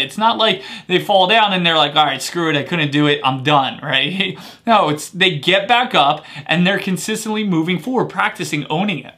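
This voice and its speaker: A man in his thirties gives an upbeat motivational talk as a life coach. His voice sits high and comes across bright and forceful. He keeps checking in with the viewer with "right?". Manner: energetic, punctuates points with "right?".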